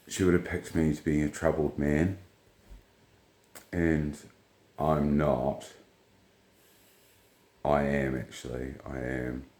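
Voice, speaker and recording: A man's voice: a bass voice, roomy sound. A man telling a rambling, blunt, profane story in casual monologue. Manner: blunt, profane, rambling, retells dialogue in flat quotes. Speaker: vlogger.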